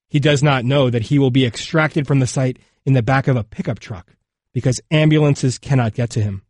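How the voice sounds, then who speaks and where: A man reading scripted documentary narration in a measured, somber and unhurried way, recorded close on a studio mic. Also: mid-range voice, a little mellow, no room sound.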